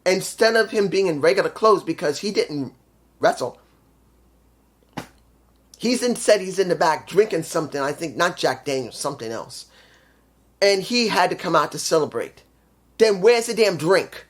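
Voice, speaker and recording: A man's voice: high voice, animated, normal speed, long pauses. Frustrated man ranting a wrestling review. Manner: frustrated ranting, heavy swearing. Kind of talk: casual spoken review.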